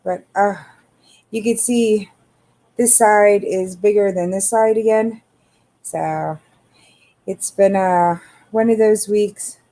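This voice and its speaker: Slow, mellow-voiced woman chatting live. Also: mid-range voice. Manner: relaxed, unhurried, greets viewers by name. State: tired. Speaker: livestream host. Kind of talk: casual live chat greeting viewers.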